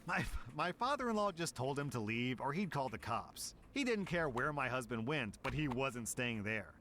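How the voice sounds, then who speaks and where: A man streamer reading a story aloud and reacting, amused and animated. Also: mid-range voice, normal speed, a little hiss or hum. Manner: amused, breaks into laughter.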